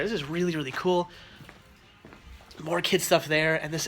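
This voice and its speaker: A man's voice: on the high side, fairly quick, sharp tone, faint music behind. A man vlogging casually, walking through a cemetery and then a video rental store, gushing with enthusiasm over what he finds. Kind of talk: casual vlog narration.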